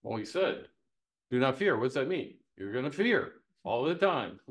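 A man's voice: mid-range voice, measured pace. Folksy man teaching the Bible. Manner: lively, asks the audience many rhetorical questions; folksy, homespun humor.

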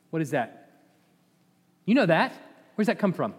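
A man with a bright voice teaches Scripture in a loose, conversational way, tossing questions to his listeners. The sound carries a long, reverberant hall echo. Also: on the high side, very animated, a little slow, long pauses, breathy edge. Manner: conversational, quizzes the audience, chuckles. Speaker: Bible teacher. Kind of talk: informal Bible teaching.

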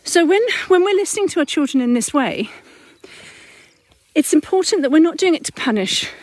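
High-voiced woman musing on a walk. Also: expressive, fairly quick, no echo. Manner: candid, chatty, self-correcting. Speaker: parenting podcast host and mother. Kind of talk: casual reflective monologue. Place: outdoors, walking up a hill at dusk.

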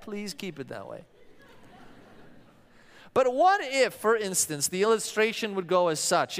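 A high, smooth, clear male voice, a bit bright, echoes with long reverb as a pastor gives his sermon in a church hall. Telling stories along the way, he slips into the voices of those he quotes.

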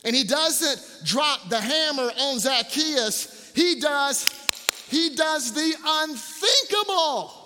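A male campus pastor preaching a sermon in an animated, joking way, repeating words for emphasis. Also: very high-pitched, slow, big-room sound.

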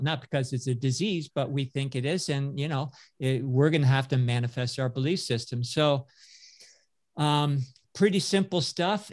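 A man, older, telling a story in a casual talk, rambling with many fillers and restarts. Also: medium pitch.

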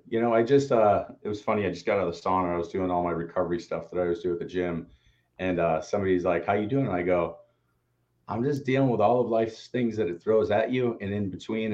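Laid-back low-voiced man on lo-fi audio. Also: fast, darkish tone. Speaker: co-host. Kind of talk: casual chat.

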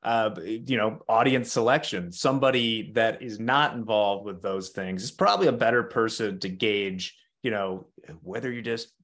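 A man with a fairly low voice co-hosts a casual podcast. He reflects aloud and makes his points with everyday examples. His tone is conversational and thoughtful. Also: normal speed, hardly any pauses, a bit bright. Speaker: podcast co-host.

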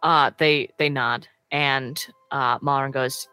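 Low-voiced woman game master. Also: steady tone, pushed and bright, clear, resonant tone, soft background music, rough recording. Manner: chatty, quick, laughing often. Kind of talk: narrating a tabletop game.

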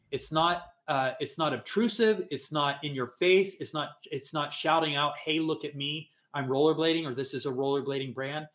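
Chatty man hosting a podcast. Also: on the high side. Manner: chatty, rambling, upbeat. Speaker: podcast host. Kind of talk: casual livestream podcast chat.

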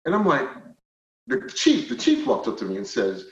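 A man telling a personal story as a podcast guest, animated, moving from quiet stretches to loud indignant retellings. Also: medium pitch, normal speed. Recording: roomy, slightly dull podcast audio.

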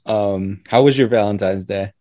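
A man's voice: fairly low pitch, moderate pace, warm tone. A man hosting a casual interview on a video call, reacting briefly and asking easy questions. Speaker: podcast host.

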